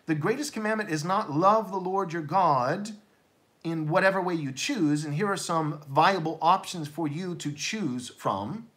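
A man preaching a sermon as pastor, blunt and emphatic, often restarting his words in quick repeats. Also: a little high, a bit bright.

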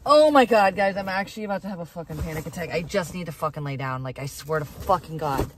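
A woman's voice: deep voice, quick pace. A young woman live-streaming by her car, exhausted, rambling and swearing heavily as she talks to her viewers. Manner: heavy swearing, rambling and restarting. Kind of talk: casual live-stream chat. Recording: distant phone mic, loud background noise.

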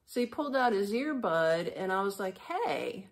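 A woman from the United States, hosting a podcast and telling a travel story in a chatty, animated way with lots of fillers and acted-out dialogue. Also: medium pitch, normal speed. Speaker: podcast host. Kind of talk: casual storytelling.

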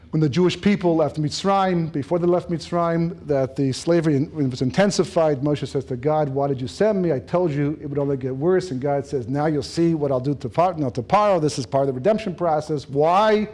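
A man giving a Torah lecture, animated, joking and laughing as he acts out dialogue. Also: a little high. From lives in Israel. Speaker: rabbi giving a Torah talk. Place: lecture room.

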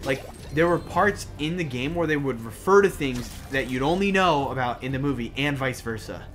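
A young man playing a video game with a friend, cracking crude jokes and tossing in quick remarks. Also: mid-range voice, lively intonation, a bit bright, soft background music. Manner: crude, joking, quick interjections. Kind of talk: casual let's play banter.

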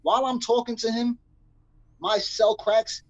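A man's voice: extremely high pitch, flat delivery, a little slow, dry recording, highs cut off. A young man from New City, telling a story as a guest in a casual interview and acting out the voices he quotes in street slang. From New York City. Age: young adult.

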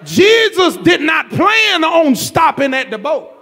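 A man preaching a sermon in a church, with a rhythmic, repetitive cadence and shouted bursts. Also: very high voice, sing-song, slow pace. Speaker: pastor.

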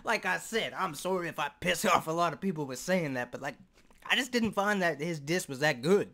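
A man hosting a reaction video, talking in an excitable, loud way with lots of swearing. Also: a little high, fairly quick. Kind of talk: casual reaction commentary.

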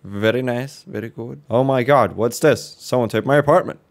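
A man casually commenting while playing a horror game, joking, reacting fast and swearing now and then. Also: mid-range voice, vocal fry. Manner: jokey, swears, quick reactions. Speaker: let's play host.

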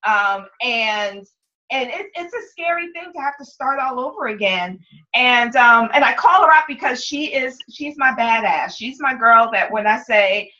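Female team leader with a fairly high voice, candid motivational talk, swears casually, muffled recording. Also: unhurried, sharp tone.

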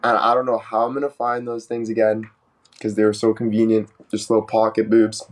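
Low-voiced man telling a joking story. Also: a little fast. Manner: animated, joking, swears freely. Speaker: live streamer. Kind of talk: casual live-stream storytelling.

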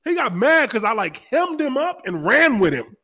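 Brief: male guest, high voice that swings widely, profane and animated storytelling. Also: normal speed. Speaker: guest, former football player. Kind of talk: casual late-night chat.

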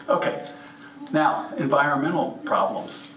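A man talks through a slide presentation in a plainspoken, folksy way, speaking straight to the audience. His voice sits at an ordinary middle pitch. The room is echoey, and he stands well back from the microphone. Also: moderate pace, fairly bright tone, far from the mic. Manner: plainspoken, folksy, gives practical advice directly. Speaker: presenter at a mineral show. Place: meeting room at a rock and mineral show.

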